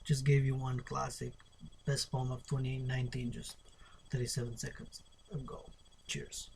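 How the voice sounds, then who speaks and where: A man's voice: medium pitch, monotone, normal speed, gravelly, darkish tone, slight background noise. A man reading a poetry glossary aloud, spelling out terms and improvising experimental poems, playful and drifting into murmurs. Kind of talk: solo spoken-word poetry lesson.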